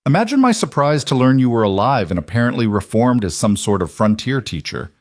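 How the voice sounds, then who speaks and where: A man voicing a haughty, cruel young woman from a wealthy family, speaking with a sharp Boston accent. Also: medium pitch, sing-song, brisk, dry recording, studio quality, close to an everyday voice. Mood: scornful. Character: cold mocking rich young woman cousin.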